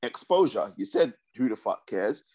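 A man hosting a casual sports podcast, talking in a steady, measured way. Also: medium pitch. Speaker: podcast host.

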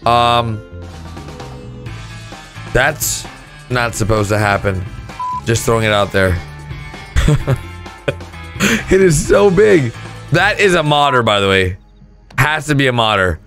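A young man commentating on gameplay clips with excited outbursts and shouts. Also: a little high. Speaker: gaming commentator.

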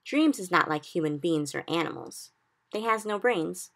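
A woman reading aloud gives voice to a big, kindly male giant from a storybook, talking in muddled grammar and made-up words. The voice sits low with a gravelly edge. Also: animated, moderate pace, a bit bright, full character voice. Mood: gentle.

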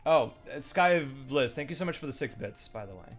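A man's voice: mid-range voice, animated, brisk, faint music behind. A man chatting casually while streaming a video game, thanking viewers and muttering asides. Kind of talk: live game commentary.

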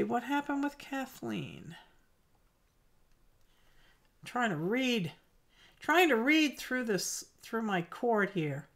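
A woman chats her way through a crafting livestream from her home studio, slightly high in pitch. She speaks in an unhurried, halting way and reads viewers' comments aloud between thoughts. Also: gravelly, a bit bright. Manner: slow, halting and heartfelt, reading chat aloud. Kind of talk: casual livestream chat while crafting.

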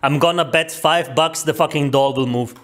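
A man streaming live and reacting to videos, excitable and profane, often stammering and restarting his sentences. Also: a little high, normal speed, a crowd in the background.

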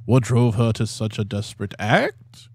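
A man's voice: fairly low pitch, animated, moderate pace, slight background noise. A man voicing a grieving middle-aged male ex-priest reading his own letter, in a put-on Italian accent. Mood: sorrowful. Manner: reading aloud a dramatic letter, stumbling and laughing at times.

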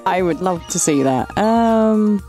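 English woman host, relaxed mellow voice, bouncy animated delivery, faint music underneath. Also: medium pitch, slow pace. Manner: chatty and affectionate, calls everyone "lovely". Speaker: gaming channel host. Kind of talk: casual gameplay commentary, reading dialogue aloud.

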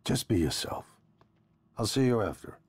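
An actor playing a brisk, reassuring older brother who runs a company in a game. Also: male voice, on the low side, very animated, a little mellow, husky, no echo, heavily acted. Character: confident brother, company executive.

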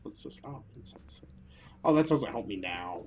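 A man giving let's play commentary on a horror game, swinging between muttered grumbles and angry yelled curses. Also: on the low side, lively intonation, moderate pace, muffled recording, a little hiss or hum. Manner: swings from mutters and whispers to angry shouting, swears a lot. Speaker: gaming video host.

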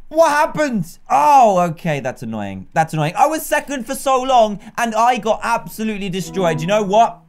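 A young British man giving excitable, chatty gameplay commentary as a YouTuber. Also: high-pitched, normal speed, few pauses. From Britain. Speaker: gaming YouTuber.

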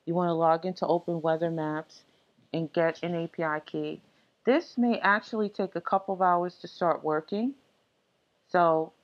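A woman presenting a screencast software tutorial, explaining setup steps casually with frequent ums and uhs. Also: fairly low pitch, muffled recording.

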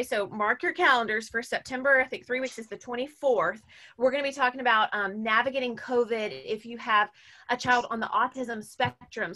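Bright, upbeat webinar host woman. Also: fairly high pitch. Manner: enthusiastic, quick short reactions. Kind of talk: webinar hosting.

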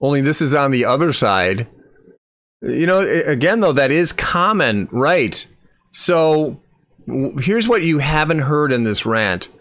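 A man's voice: on the high side, sing-song, a little slow, fairly bright tone. Incredulous man critiquing a clip. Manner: incredulous, critical, rambling with restarts. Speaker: commentator. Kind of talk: video commentary.

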